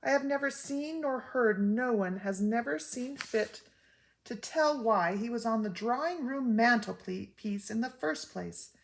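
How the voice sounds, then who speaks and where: A woman's voice: fairly high pitch, lively intonation, unhurried, creaky, voice pushed up. An older woman voicing an anxious, fussy mother who tells gossip with emphatic exclaims, in a storybook reading. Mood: scolding.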